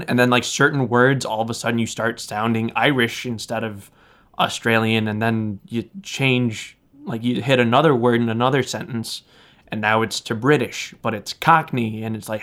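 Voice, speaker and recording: A man's voice: medium pitch, steady tone, moderate pace, fairly bright tone. A man with a Midwestern American accent, co-hosting a podcast in casual chat, loose and rambling and swearing freely. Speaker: podcast co-host.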